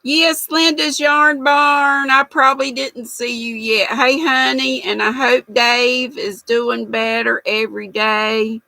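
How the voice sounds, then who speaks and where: An older woman talks in a slow, unhurried way, chatting folksily with her livestream viewers. Her voice is gravelly but bright. The sound is dry and close. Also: fairly high pitch, steady tone, dry recording, rough recording. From United States. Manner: chatty, folksy, reads viewer comments aloud. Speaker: livestream host reading chat. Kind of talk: casual chat.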